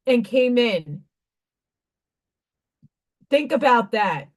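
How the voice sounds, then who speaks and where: Slow-talking woman preaching passionately. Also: a little high, sing-song, a bit bright. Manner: passionate and preachy, swears freely. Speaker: livestream craft host. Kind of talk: casual spiritual chat on a live stream.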